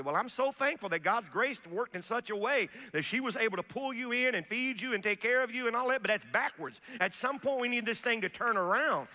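Animated preacher man, bright and echoing. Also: extremely high pitch, brisk, few pauses. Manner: animated preaching with folksy asides and call-outs to the congregation. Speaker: pastor. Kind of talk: sermon.

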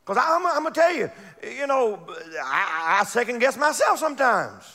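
A pastor preaching a fervent sermon, building to shouted peaks and dropping into laughing asides. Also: male voice, very high voice, sing-song, normal speed, big-room sound. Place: church sanctuary.

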